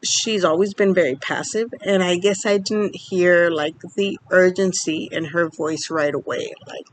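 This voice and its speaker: A woman's voice: on the low side, normal speed, slight background noise. A young woman in her twenties, from Mexico, candidly telling a personal story in a casual vlog, rambling with lots of fillers. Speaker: vlogger.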